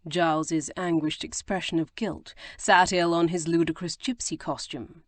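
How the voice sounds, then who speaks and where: A woman narrating a historical romance audiobook in measured storytelling. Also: fairly low pitch, fairly even intonation, no room sound. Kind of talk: scripted narration.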